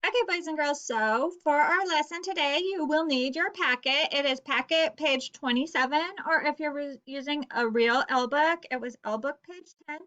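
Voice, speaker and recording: A woman teaches a recorded reading lesson from home, pacing her words slowly and spelling things out for young pupils. Her voice sits high and sounds bright. The recording is dull and lo-fi. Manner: slow, clear, encouraging teacher talk to young pupils.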